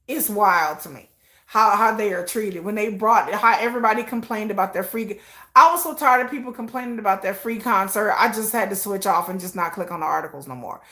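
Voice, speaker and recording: A woman from Texas hosting a casual livestream, animated and talking straight to her chat viewers. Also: medium pitch, echoey room. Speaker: livestream host.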